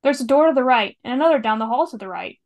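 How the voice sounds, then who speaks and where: A practical, blunt adventurer in a storybook, read out by a woman. The voice is fairly high, in a plain reading tone. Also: lively intonation, fast, darkish tone. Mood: matter-of-fact. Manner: read aloud casually from a script.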